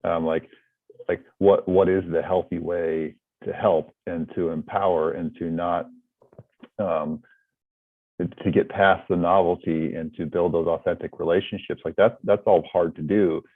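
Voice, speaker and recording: A man's voice: low voice, steady tone, measured pace, dry recording. A man from North America, a podcast guest, talking in a hesitant way with many restarts and fillers. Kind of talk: casual interview talk. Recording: tinny phone-like line.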